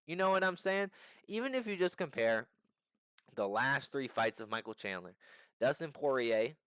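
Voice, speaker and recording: A young man casually breaking down upcoming fights, animated and slangy, swearing and restarting sentences. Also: medium pitch, moderate pace, smooth, dry recording. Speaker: MMA fight predictor.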